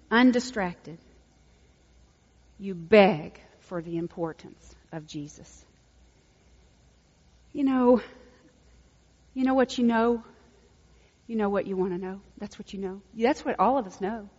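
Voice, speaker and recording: A woman preaching a sermon, swinging from hushed, intimate lines to loud emphatic peaks. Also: medium pitch, takes it slowly, long pauses, breathy edge. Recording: dull lo-fi recording with long hall reverb.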